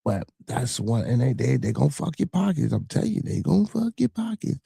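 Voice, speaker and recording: Profane Chicago livestream host, gravelly. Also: male voice, medium pitch, sing-song, fairly quick, warm tone, dry recording, clean studio sound. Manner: loose, profane, joking banter with frequent filler. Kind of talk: casual livestream chat reading out chat comments.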